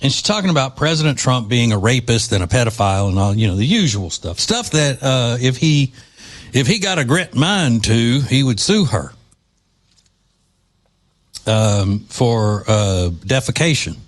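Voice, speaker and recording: A man's voice: mid-range voice, animated, normal speed. A man hosting a commentary podcast, talking in a chatty, sarcastic, mocking way about a clip he plays. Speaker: podcast host.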